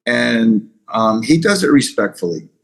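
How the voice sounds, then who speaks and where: A man's voice: medium pitch, sing-song, unhurried, creaky, fairly bright tone, rough recording. A man being interviewed as a guest musician, talking loosely and rambling with many restarts. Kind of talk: casual interview chat.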